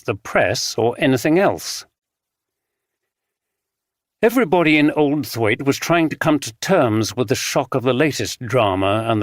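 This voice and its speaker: Male narrator, audiobook, measured reading, middle pitch, dry close recording. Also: no echo. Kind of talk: scripted narration.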